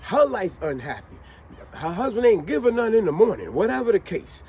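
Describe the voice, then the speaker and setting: A man hosting a casual motivational talk, telling stories with animated flair and acting out quotes. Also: high-pitched, brisk, slightly rough. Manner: animated storytelling, acts out quotes. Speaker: vlogger host.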